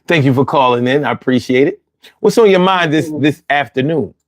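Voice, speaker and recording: A man hosting a call-in talk show in AAVE, animated and joking with plenty of profanity. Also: mid-range voice, a little fast, dry recording, studio quality.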